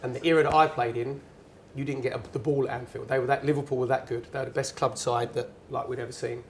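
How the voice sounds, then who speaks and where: A man's voice: mid-range voice, fast talker, a little hiss or hum. A middle-aged man, a guest speaker at an event, telling a long anecdote and acting out what people said. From England. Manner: chatty, animated storyteller acting out quotes. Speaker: guest speaker, former footballer and pundit. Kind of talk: anecdotal storytelling on stage. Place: bar at a networking event.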